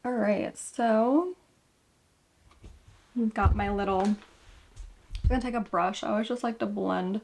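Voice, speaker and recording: A woman's voice: medium pitch, measured pace, vocal fry, long pauses, a little mellow. A young woman vlogger chatting casually through a makeup tutorial, rambling and correcting herself as she goes.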